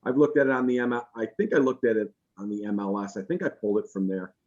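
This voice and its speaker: A man, a trainee, answering his instructor on a video call, hesitant and halting. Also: on the low side, a little mellow, highs cut off. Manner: hesitant, with many ums and restarts. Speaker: trainee agent.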